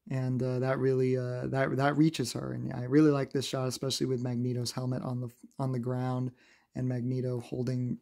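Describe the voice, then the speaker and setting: Chatty man with a mellow voice. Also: medium pitch, gravelly. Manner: chatty, laughs often, many "uh" fillers. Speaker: comic book reviewer. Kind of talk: casual review recap.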